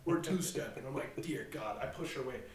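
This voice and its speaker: A young man telling a crude, animated story in a casual podcast chat, swearing constantly. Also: mid-range voice, fast talker, a little hiss or hum. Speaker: podcast co-host. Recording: roomy echo, distant from mic.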